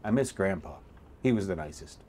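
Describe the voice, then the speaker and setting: A man reading the lines of a sad, serious little girl in a video game, quietly and without a put-on child voice. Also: sits low, expressive, brisk, slight background noise, voice pushed down. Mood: subdued.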